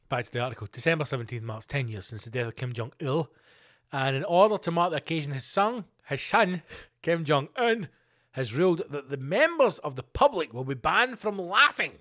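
A man's voice: fairly high pitch, expressive, moderate pace, a bit bright. A man hosting his own podcast, rambling through a profane, casual solo rant full of fillers and asides. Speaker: podcast host.

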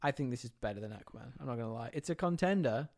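Guy co-hosting a casual movie chat, lots of restarts and quick bursts. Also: medium pitch, creaky. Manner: chatty, quick restarts, animated quoting. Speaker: podcast co-host.

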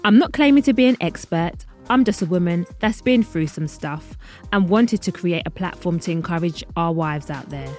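A woman's voice: fairly low pitch, lively intonation, moderate pace, music in the background. A woman, hosting her own podcast in a chatty, rambling way and laughing at her own asides. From London, England. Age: 30s. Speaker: podcast host. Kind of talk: casual solo podcast chat.

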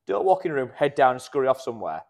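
A man's voice: medium pitch, sing-song, creaky, darkish tone. A man co-hosting a casual podcast chat, telling anecdotes and giving friendly advice. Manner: fast-talking storyteller, gives friendly advice. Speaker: podcast co-host.

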